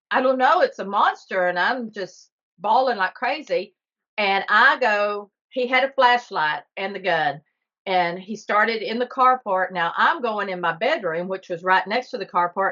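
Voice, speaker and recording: A woman's voice: medium pitch, a bit bright. A middle-aged woman from Texas, a podcast guest telling a story earnestly and vividly, with small laughs. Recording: slightly muffled podcast audio.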